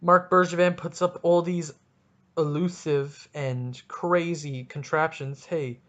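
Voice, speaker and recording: A young man hosting a solo casual podcast, rambling and joking at himself in an animated way. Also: a little high, takes it slowly, highs cut off. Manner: rambling, jokey, animated, self-deprecating. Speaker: podcast host.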